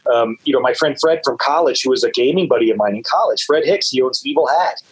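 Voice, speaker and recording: A man guest on an interview show, telling stories in a loose, rambling way with many "uh"s and repeated words, and lively jumps in pitch when he quotes people. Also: fast, breathy edge, rough recording. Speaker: guest author. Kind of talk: casual interview storytelling.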